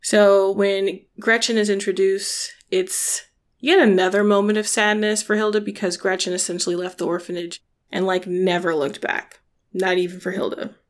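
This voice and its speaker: A woman's voice: mid-range voice, fairly even intonation, moderate pace. A young adult woman giving a casual, chatty book review, full of filler words.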